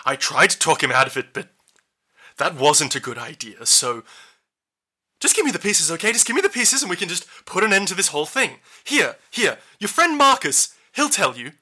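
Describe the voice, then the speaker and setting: A man voicing a wild, near-mad woman villain who shouts threats in a raised voice. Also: moderate pace, breathy edge. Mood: tense, pleading. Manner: shouting, high-pitched threats.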